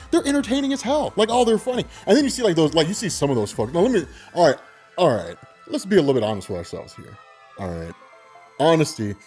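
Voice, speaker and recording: A man in his twenties tells a personal story in a high voice that leaps up and down all the time. He is animated, laughs a lot and swears casually, with faint music under him. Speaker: vlogger.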